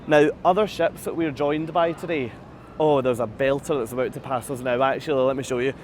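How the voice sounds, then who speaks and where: A man's voice: mid-range voice, fairly even intonation, brisk, a little mellow, a little hiss or hum. A man vlogging live from the deck of a cruise ship. He answers viewer comments in a chatty, self-deprecating way, laughs often, and is slightly out of breath. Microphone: phone camera held at arm's length.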